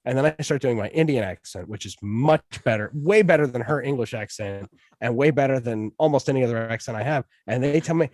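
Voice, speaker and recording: A man co-hosting a podcast, chatting casually over beers and telling a joking family story in an animated way. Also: medium pitch, a little fast, dry recording, studio quality. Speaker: podcast co-host.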